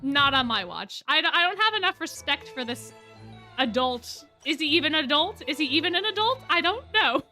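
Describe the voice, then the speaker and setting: A young woman streamer chatting casually to her viewers, excitable and gushing, often repeating herself. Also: high voice, brisk, faint music behind. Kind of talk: casual reaction chat. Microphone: desk mic.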